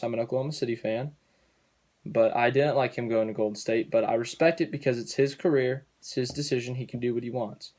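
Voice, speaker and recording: A man's voice: medium pitch, darkish tone. A man ranting to camera in a sports vlog, angry and repetitive, with frequent mild swearing. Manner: angry, repetitive, swears mildly, cools down later. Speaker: sports vlogger. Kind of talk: heated ranting monologue to camera.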